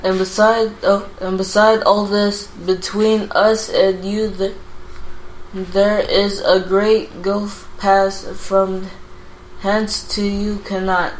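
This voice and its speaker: A woman reading scripture aloud in class, halting and stumbling over the old-fashioned wording. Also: mid-range voice, little pitch movement. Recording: echoey room, faint noise.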